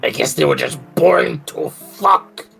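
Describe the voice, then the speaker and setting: A man's voice: a little high, slow, creaky, a bit bright, faint music behind. A man co-hosting a game stream, chatting casually with joking, profane, rambling riffs. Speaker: stream co-host. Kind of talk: casual chat while gaming.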